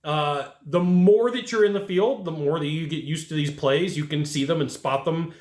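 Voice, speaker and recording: A man coaching salespeople in an animated way, acting out his customers' lines as he goes. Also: a little high, normal speed. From California. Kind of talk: energetic coaching monologue. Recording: roomy echo.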